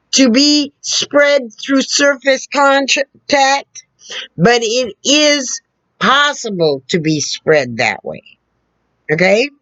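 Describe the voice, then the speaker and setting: A woman vlogger lectures into her computer camera from a couple of feet away, taking her time and swinging her pitch widely as she hammers points home with "okay?". The sound is dull and lo-fi, with a dry, close feel and no room echo. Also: a bit bright. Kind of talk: direct-to-camera opinion rant. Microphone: camera on a computer two feet away.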